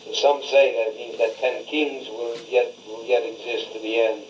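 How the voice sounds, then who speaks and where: An older man, a rabbi, giving a Torah class, who chants Hebrew phrases slowly and then explains them in a conversational tone. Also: medium pitch, little pitch movement. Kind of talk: Torah lecture, translating Hebrew verses line by line. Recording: roomy recording from a distance with faint hiss.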